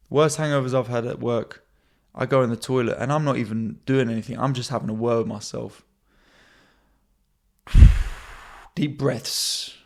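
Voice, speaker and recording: A young comedian with a gravelly edge to his middle-pitched voice, rattling off stories from his own life. He keeps it casual and animated, and his voice shoots up high whenever he imitates the people in his stories. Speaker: comedian and podcast host. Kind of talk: casual storytelling monologue.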